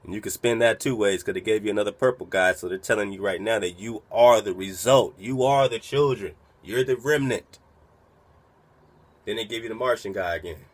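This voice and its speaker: Male radio host, lowish voice; preachy, profane commentary full of rhetorical questions. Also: fairly quick. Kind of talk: commentary over a played recording.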